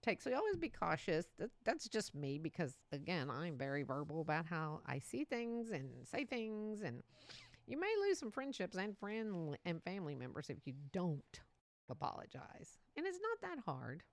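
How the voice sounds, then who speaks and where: A woman hosting a casual solo podcast, talking in a chatty, animated way and laughing often. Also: lowish voice, moderate pace. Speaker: podcast host.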